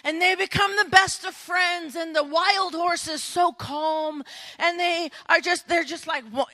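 A woman preaching an animated sermon, acting out scenes and talking straight to her audience. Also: extremely high pitch, unhurried. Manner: dramatic, acts out scenes, addresses audience directly. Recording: echoey hall.

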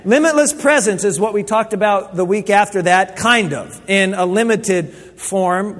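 A man preaching a sermon as pastor, telling stories in a casual, conversational way with frequent restarts. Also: sits high. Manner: conversational storytelling, many restarts. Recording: long hall reverb.

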